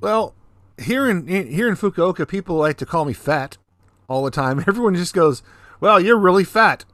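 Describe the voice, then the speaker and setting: A man with a fairly high voice tells laid-back stories on a casual podcast, swearing freely and rambling. The sound is close and dry with no room echo. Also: expressive, moderate pace. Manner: laid-back storyteller, profane. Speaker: podcast co-host. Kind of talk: casual chat. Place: Fukuoka, Japan.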